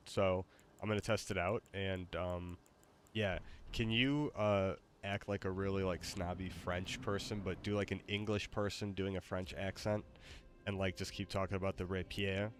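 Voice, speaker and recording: A man's voice: low voice, flat delivery, moderate pace, slight background noise. A man casually commenting while playing a game, rambling with fillers. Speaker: streamer.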